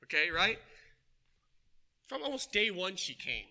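Bright high-pitched male preacher. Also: a little slow. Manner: storytelling, animated, asks the congregation questions. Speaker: pastor. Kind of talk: sermon. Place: church.

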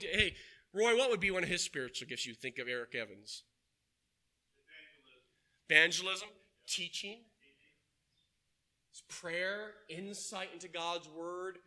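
A man preaching a sermon to his congregation, telling stories in an animated way and asking them questions. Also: high voice. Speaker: pastor. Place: church.

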